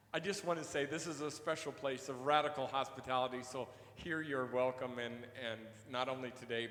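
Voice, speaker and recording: A man's voice: mid-range voice, fairly bright tone. A man, a minister reading the gospel and preaching a homily in a conversational way, asking the congregation questions and often repeating his words. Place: church. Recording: echoey church hall reverb.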